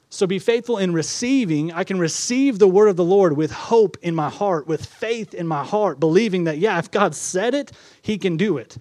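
Preaching male pastor, higher voice, dry. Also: fairly quick, no echo. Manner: preaching with repetition, rising to emphatic then dropping soft. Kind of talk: sermon.

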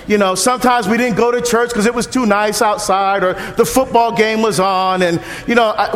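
A man's voice: high voice, fairly bright tone, pitched below the performer's own voice. A man voicing a sweet, earnest devout grandmother. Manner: sweet, earnest, slipping in prayers. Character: devout grandmother, middle-aged, gently pointed. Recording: echoey church hall, long reverb.

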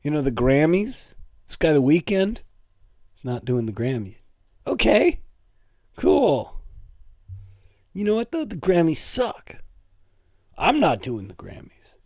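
A man's voice: a little high, sing-song, a little slow, a little mellow, no echo, studio quality. A man from Toronto, hosting a solo comedic podcast in a playful, rambling way. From Toronto, Canada. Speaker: podcast host.

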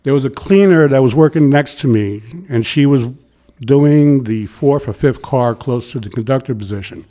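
A middle-aged man, once a transit worker and now retired, speaks at normal speed in a medium-pitched voice. In a casual interview he tells stories with animation, acting out the quotes.

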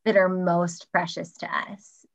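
A woman hosting a casual faith podcast, encouraging and quick to laugh as she chats with her guest. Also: on the low side, level tone, gravelly, no room sound, dull audio. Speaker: podcast host.

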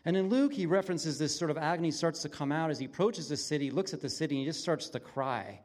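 A man preaching a conversational sermon in an earnest, plain-spoken way, his voice dropping from lively emphasis to hushed, intimate tones. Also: on the high side, fast. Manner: earnest, swings from loud excitement to near-whisper intimacy. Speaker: pastor.

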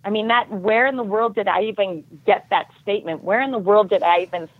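A middle-aged woman telling her story as a podcast guest, earnest and animated. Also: mid-range voice, a little fast, dry recording, phone-quality sound. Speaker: podcast guest, triathlon coach.

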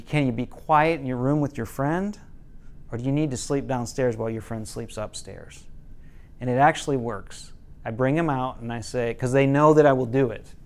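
A middle-aged man teaching a parenting class, telling a story with quoted lines in a casual way. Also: darkish tone. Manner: casual, quotes parents and kids in lowered voices, some restarts.

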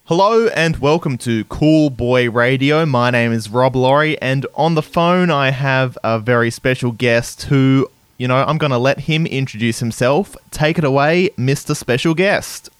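A man hosting a comedy podcast, playing a deadpan, mock-serious interviewer. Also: medium pitch, a little slow, hardly any pauses, clear, resonant tone, no room sound. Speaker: podcast host. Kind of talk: casual comedy chat.

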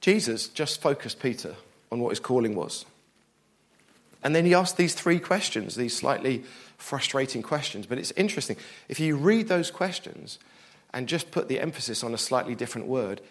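A middle-aged man preaching a sermon, animated and self-deprecating, moving from loud bursts to hushed, quiet passages. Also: medium pitch, normal speed.

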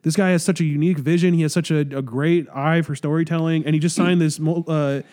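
Quick, mellow-toned man talking film. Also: on the high side, fairly even intonation. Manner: enthusiastic film-fan talk, quick and wry. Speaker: podcast co-host. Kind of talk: casual chat.

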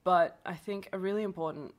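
A woman's voice: fairly low pitch, fairly quick. A woman from Brazil whose first language is Portuguese, a guest chatting casually on a podcast and laughing often.

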